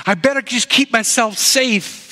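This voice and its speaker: A man's voice: extremely high pitch, a little slow, pushed and bright, pitched above the performer's own voice, exaggerated voice. A man voicing the apostle Peter as frightened and remorseful, pleading and reproaching himself. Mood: fearful. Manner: anxious, pleading, self-reproaching. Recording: echoey hall.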